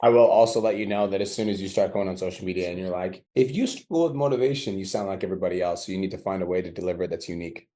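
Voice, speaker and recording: A man's voice: low-pitched, level tone, very fast, hardly any pauses, dark tone. A man running a coaching call, blunt and profane, acting out little exchanges as he talks. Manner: blunt, profane, acts out dialogue. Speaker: business coach.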